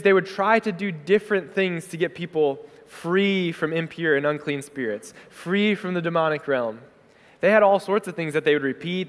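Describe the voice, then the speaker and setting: A man preaching a sermon as pastor, conversational and animated, slipping into quick acted asides. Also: high voice. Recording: hall reverb.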